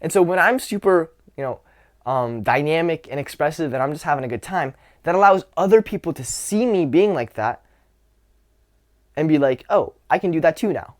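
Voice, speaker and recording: A man coaching on social skills in a casual instructional talk, relaxed and grounded, slowing his words for emphasis. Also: on the high side. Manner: demonstrative, swings from whisper to loud to show vocal dynamics; relaxed, grounded, drawn-out delivery with sighs.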